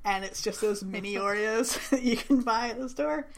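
A woman chatting casually on a podcast, playful and giggly, speaking in quick bursts. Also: fairly high pitch. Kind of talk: casual chat.

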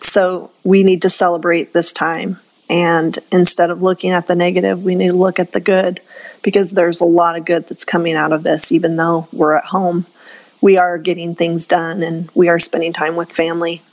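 A woman's voice: lowish voice, level tone, normal speed, poor audio. A woman in her thirties, co-hosting a radio show, talking in an earnest and encouraging way. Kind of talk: casual chat.

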